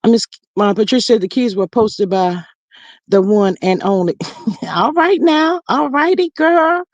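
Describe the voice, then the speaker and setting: A woman hosting a casual livestream, greeting viewers and reading their comments aloud in a lively, sassy way. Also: a little high, measured pace, no echo, highs cut off. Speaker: livestream host.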